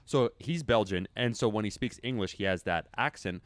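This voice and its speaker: A man's voice: on the low side, normal speed. A man co-hosting a podcast in a studio, telling rambling stories with lots of fillers in casual chat. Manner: rambling, animated storytelling with fillers. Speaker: podcast co-host.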